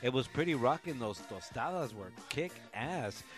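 A man's voice: medium pitch, animated, moderate pace, soft background music. A man co-hosting a casual podcast, loose and joking with lots of fillers. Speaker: co-host.

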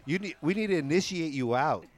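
A man co-hosts a casual talk show from a garage. He teases the others and tags his sentences with "eh?". His voice is slightly high. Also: animated, a little fast, faint music behind. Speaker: podcast co-host. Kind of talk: casual chat. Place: garage studio.

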